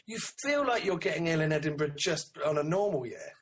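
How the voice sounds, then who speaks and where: A comedian chatting casually in a laid-back way, swearing freely. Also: male voice, on the high side, lively intonation, a little fast, crowd noise. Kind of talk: casual chat.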